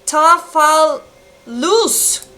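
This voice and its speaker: A woman voicing a gruff, aggrieved male village blacksmith in an attempted Scottish accent, spoken slowly. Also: high-pitched, lively intonation, pushed and bright, pitched above the performer's own voice, full character voice. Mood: grumbling.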